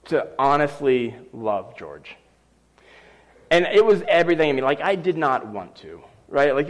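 A middle-aged man preaching a sermon, telling a personal story with lively, animated delivery. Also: fairly high pitch. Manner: animated storyteller acting out scenes. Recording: long reverb of a large hall.

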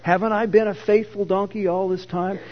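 A man's voice: high voice, flat delivery, brisk, lightly acted. A man voicing a faithful, wronged talking donkey that pleads with a hurt tone, within a sermon. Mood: pleading. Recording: echoey hall, dull lo-fi.

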